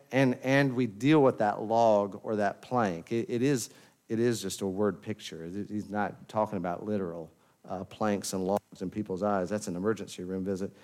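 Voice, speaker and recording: Earnest pastor preaching. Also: male voice, lowish voice, darkish tone. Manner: earnest, repeats words as he builds, quoting prayers aloud. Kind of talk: sermon.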